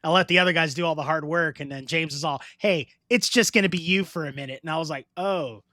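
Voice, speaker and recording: A middle-aged man hosting a casual podcast chat, animated, laughing often and swearing freely. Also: a little high, quick pace, dry recording, clean studio sound. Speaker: podcast host.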